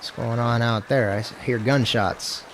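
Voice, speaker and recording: A man's voice: medium pitch, fairly even intonation, normal speed, a little hiss or hum. A man streaming a western game, chatting casually in loose, profane, self-mocking talk. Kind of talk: casual gameplay commentary.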